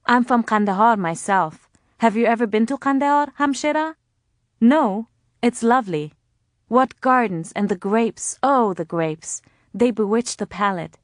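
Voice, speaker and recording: A woman reading the lines of a kindly, balding middle-aged male orphanage director, gently joking and cordial. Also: fairly high pitch, measured pace, no room sound, studio quality, lightly acted. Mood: genial.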